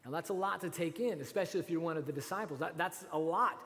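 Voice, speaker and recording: A man's voice: on the high side, fast talker, a bit bright, long reverb tail. A man preaching a sermon as pastor, talking in a conversational way with rhetorical asides. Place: church.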